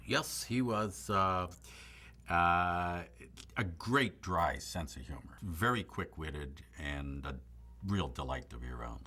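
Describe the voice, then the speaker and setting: An older comic actor reminiscing in an interview with a dry, joking delivery. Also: male voice, sits low, slow pace. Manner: dry, joking, deadpan asides. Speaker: comedic actor recalling a film.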